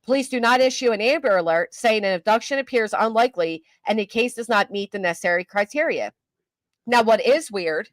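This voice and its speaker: A woman's voice: mid-range voice, dry recording. Chatty older woman streamer, dry close mic. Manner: chatty, self-mocking, talks back to chat. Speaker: YouTube commentary host. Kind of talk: casual live-stream commentary.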